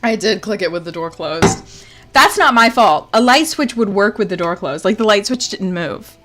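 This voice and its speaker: A woman's voice: mid-range voice, animated, normal speed, faint music behind. Exasperated woman game streamer, swearing. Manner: exasperated, swings from loud outbursts to muttering, swears. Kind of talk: casual live-stream commentary.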